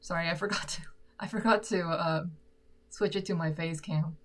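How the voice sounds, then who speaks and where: A woman's voice: on the low side, steady tone, moderate pace, fairly bright tone. Chatty woman with an American accent. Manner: chatty and self-deprecating. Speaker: singer and livestream host. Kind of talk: casual livestream Q&A. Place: her room at home. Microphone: sock-covered microphone.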